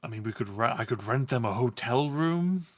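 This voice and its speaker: A man's voice: medium pitch, expressive, normal speed, no room sound, clean studio sound. A man playing a tabletop role-playing game, speaking in a matter-of-fact way. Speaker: player. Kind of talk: tabletop role-play chat.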